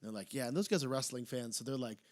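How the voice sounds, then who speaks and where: A young man co-hosting a casual wrestling podcast, excitable, his voice jumping up when he retells funny moments. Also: medium pitch, racing. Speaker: podcast co-host. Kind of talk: casual chat.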